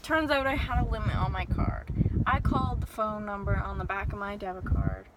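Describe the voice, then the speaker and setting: A young woman telling an animated, exasperated story-time rant from her parked car. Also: medium pitch, fairly quick, very noisy. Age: young adult. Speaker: vlogger.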